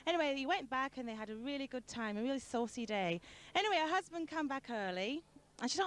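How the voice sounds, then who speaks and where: A woman's voice: sits high, expressive, quick pace. A woman and former pub worker, chatty and cheeky, telling a rude joke.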